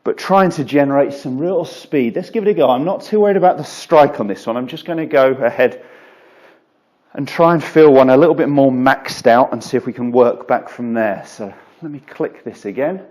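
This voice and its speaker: A man who is a golf coach, explaining and demonstrating a drill in a relaxed, chatty way with frequent fillers, in an indoor golf studio. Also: mid-range voice, moderate pace. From England. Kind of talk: instructional video lesson.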